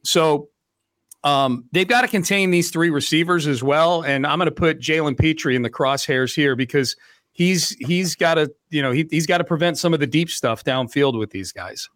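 A man's voice: on the high side, moderate pace, a bit bright, dry recording. Chatty male sports radio host. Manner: conversational, many fillers and restarts. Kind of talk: casual sports talk.

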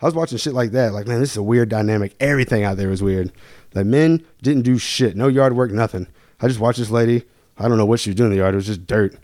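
A man's voice: on the low side, quick pace, a little mellow, dry recording, studio quality. A young man from Louisville, Kentucky, telling rambling, profane stories as a podcast guest. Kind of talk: casual storytelling.

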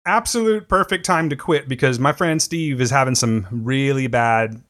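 A man's voice: medium pitch, normal speed, fairly bright tone. Rambling, foul-mouthed male podcast host. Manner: loose, profane and rambling. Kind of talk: casual podcast chat.

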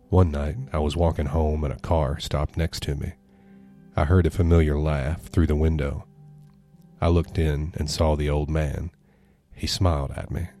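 A man narrates a dark horror story in a very deep, mellow voice with a somber, measured delivery. Faint guitar music plays softly underneath him. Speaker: podcast narrator.

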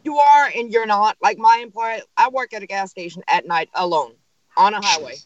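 A man's voice: high-pitched, brisk, muffled recording. A man chatting casually and asking curious questions; he works night shifts alone. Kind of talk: casual chat.

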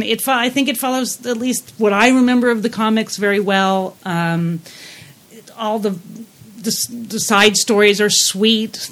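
A woman with a lowish voice chats casually on a podcast. She is blunt and animated, and often restarts her sentences. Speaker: podcast co-host. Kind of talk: casual review chat.

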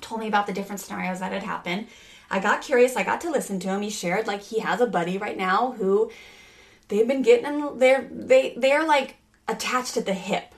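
A woman in her thirties, a parenting speaker, talking earnestly in a casual podcast conversation, rambling with many fillers and restarts. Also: mid-range voice.

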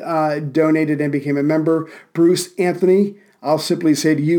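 A man's voice: a little high, flat delivery, a little slow, few pauses, mellow. A man hosting a history podcast from Central Virginia, narrating events with dry, wry asides and thanking listeners casually.

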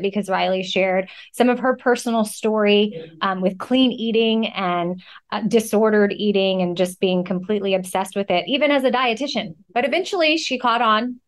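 A woman hosting a podcast, introducing her guest and asking questions in an encouraging, emphatic way. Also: mid-range voice. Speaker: podcast host. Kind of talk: casual podcast interview.

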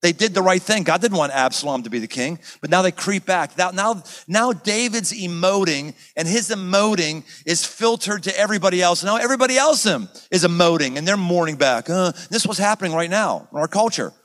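Man, pastor, sermon-style teaching, animated, slightly high voice. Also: fairly quick, hardly any pauses, poor audio. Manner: animated, dramatic, acts out scenes.

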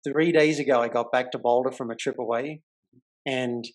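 Speaking at normal speed in a mid-range voice, a male podcast host tells a casual story. He animates it by acting out each quoted person's voice.

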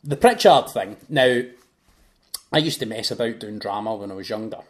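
A man with a Scottish accent, a football commentator chatting casually as a podcast guest, telling animated stories. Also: fairly low pitch, normal speed. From Scotland. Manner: animated storyteller, bursts into shouted goal commentary.

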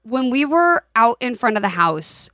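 A woman in her forties co-hosting a podcast, telling stories in a lively, animated way. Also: fairly high pitch, a little slow, no echo, clean studio sound. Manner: animated storytelling with laughs and quoted voices. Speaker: podcast co-host. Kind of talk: casual chat.

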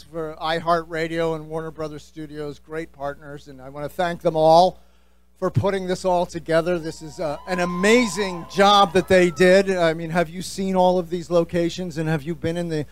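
A middle-aged man with a New Jersey accent, hosting a podcast in an animated, jokey, opinionated way on stage. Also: a little high. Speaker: podcast host. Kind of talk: live stage address to fans.

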